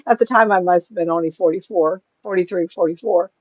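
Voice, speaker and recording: A woman's voice: on the low side, moderate pace, no room sound, lo-fi sound. An older woman, a psychic medium, chatting casually in an interview, rambling through stories and laughing often.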